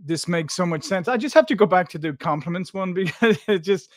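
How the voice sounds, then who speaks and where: A man's voice: sits high, a little fast, dry recording, clean studio sound. A man from Ireland, hosting an interview podcast in a rambling, conversational way. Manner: rambling, with many fillers and restarts. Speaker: podcast host.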